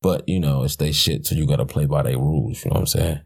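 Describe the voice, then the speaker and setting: A man's voice: a bass voice, steady tone, quick pace, a little mellow, husky. A man hosting a podcast, talking in a blunt, profane, rambling way with frequent restarts. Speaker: podcast host. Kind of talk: casual rambling commentary.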